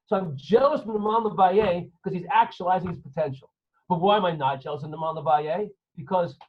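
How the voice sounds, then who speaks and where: A man, a rabbi, giving an animated storytelling lesson to students and firing questions at them over a video call. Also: sits high, slight background noise. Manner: animated, asks listeners questions, acts out scenes. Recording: dull lo-fi online audio.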